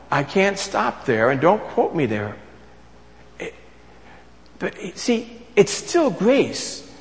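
A man preaching a sermon, emphatic, repeating his key phrases and swinging between loud and soft. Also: high-pitched. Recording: long reverb of a large hall.

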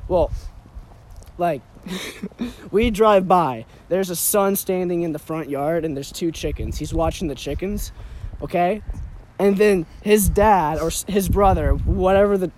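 A man's voice: high-pitched, measured pace, darkish tone. A young man telling a rambling story in casual chat, full of fillers and laughs, outdoors. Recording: noisy outdoor recording.

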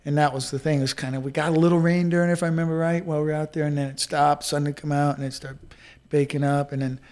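Guest racer, male, slightly high pitch, easygoing anecdotal delivery. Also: flat delivery, fast, a little mellow. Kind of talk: casual storytelling chat.

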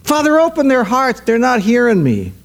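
Fervent pleading man in prayer, pitched well up, a preacher putting it on. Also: huge pitch swings, normal speed, full character voice. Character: anguished man pleading in prayer to his father.

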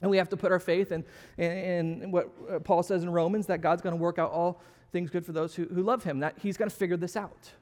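A man with a high, light voice gives a relaxed, conversational sermon in a church auditorium. He is self-deprecating and jokes with the audience, and the sound trails off in a long reverb from the large hall. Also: fast talker. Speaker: pastor. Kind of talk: casual sermon with audience questions.

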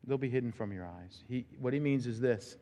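A male pastor preaching a sermon in a church, emphatic, with sudden loud, high bursts. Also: brisk, long reverb tail. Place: church sanctuary.

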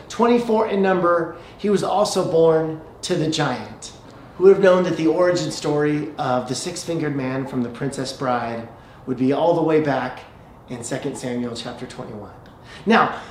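A male pastor preaching a sermon, telling a story and slowing down for emphasis. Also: fairly high pitch, slight background noise. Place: church sanctuary. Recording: echoey church hall, faint ambience.

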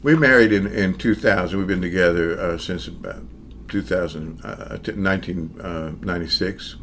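Low-voiced older Southern magician. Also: male voice, normal speed, fairly bright tone, slight background noise. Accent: Southern American. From American South. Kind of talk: casual interview.

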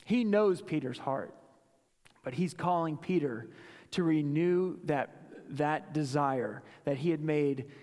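A man preaching a sermon as a pastor, building with repeated phrases and dropping to a hush for emphasis. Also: on the high side, slow pace, in a large hall. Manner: dramatic, drops to a hush for emphasis.

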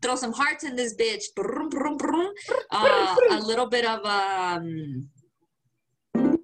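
A woman's voice: on the high side, sing-song, slow pace. A woman co-hosting a casual podcast, teasing her friend with crude slang and frequent laughs. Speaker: podcast co-host. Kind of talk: casual chat.

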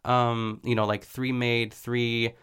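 A man hosting a podcast, chatting casually and rambling with lots of "like" fillers and quick laughs as he recaps a cooking show. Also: medium pitch, level tone, fairly bright tone, smooth. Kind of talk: casual chat.

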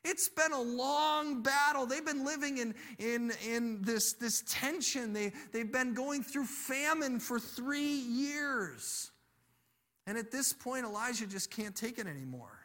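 A male pastor preaching in a high voice. His sermon is told as lively storytelling that swells into loud, emphatic bursts. The tone is bright and forceful. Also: slow pace. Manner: animated storytelling, building to loud emphatic peaks.

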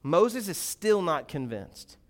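High-voiced man preaching a sermon. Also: big pitch swings, slow. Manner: conversational, joking preaching with acted-out dialogues. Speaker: guest pastor. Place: church sanctuary before a congregation.

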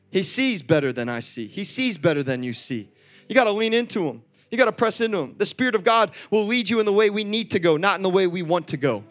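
High bright-voiced young man preaching. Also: quick pace, faint music behind. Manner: animated, swings between loud calls and soft asides; acts out quoted voices, chats with the congregation. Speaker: pastor. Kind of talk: sermon.

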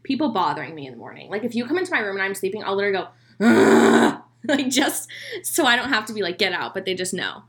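A woman's voice: medium pitch, very animated, very fast, fairly bright tone. A young woman co-hosting a chatty podcast, reading out questions and answering with lots of giggles and fillers. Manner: bubbly, giggly, reads questions aloud. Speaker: podcast co-host. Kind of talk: casual chat.

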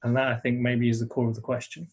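Animated man thinking aloud. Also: medium pitch, fast talker, breathy edge. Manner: animated, full of restarts, reads out audience comments. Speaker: co-host of a live webinar. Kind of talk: casual discussion, thinking aloud.

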